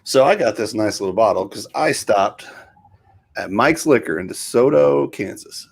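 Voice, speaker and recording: A man's voice: on the low side, expressive, moderate pace, creaky, breathy edge. A middle-aged man co-hosting a casual show, chatting in an easygoing, rambling way. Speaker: podcast co-host. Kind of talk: casual chat.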